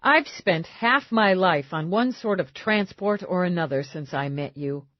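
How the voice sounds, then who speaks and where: A woman's voice: on the low side, expressive, measured pace, no room sound, lo-fi sound. A woman narrator voicing a tough, blunt police lieutenant who speaks brusquely and commandingly. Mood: grumbling. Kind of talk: audiobook narration.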